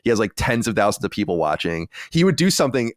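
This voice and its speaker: A man hosting a podcast, chatting casually, excitable, with stammering restarts and laughter. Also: fairly low pitch, quick pace, no room sound, clean studio sound. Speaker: podcast host. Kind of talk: casual chat.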